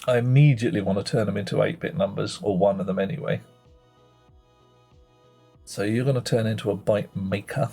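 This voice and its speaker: 一位直播游戏的男主播，声音低沉沙哑，带着明显的气泡音，说话慢悠悠，边想边自言自语，语气俏皮，背景有轻微音乐。. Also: male voice, lowish voice, steady tone, fairly quick, gravelly, pauses often, warm tone, husky, soft background music. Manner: playful, muttering to himself while thinking aloud. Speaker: game streamer. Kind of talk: live game-stream commentary.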